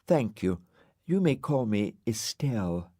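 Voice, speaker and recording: A man's voice: lowish voice, very animated, slow, warm tone, slightly rough, dry recording, studio quality, voice pushed up, full character voice. A man voicing a sweet, vain little star. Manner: sweet, affected, genteel.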